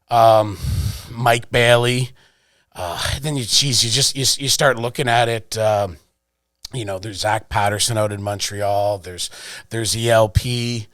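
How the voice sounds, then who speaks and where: A man's voice: medium pitch, measured pace, dry recording, clean studio sound. A man, a wrestling executive appearing as a guest, telling anecdotes in a casual interview. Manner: lively storyteller, fillers and restarts.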